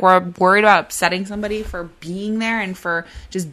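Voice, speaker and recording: A woman hosting her own podcast in casual solo talk, a fast, excitable talker who tries to slow herself down. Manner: mimics flustered apologies in a high voice. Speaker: podcast host.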